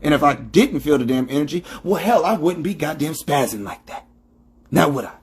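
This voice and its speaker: A man's voice: on the high side, expressive, fairly quick, husky. A man hosting a livestream, talking in a profane, emphatic, preachy monologue into his phone. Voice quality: heavy swearing, emphatic and preachy. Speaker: livestream host.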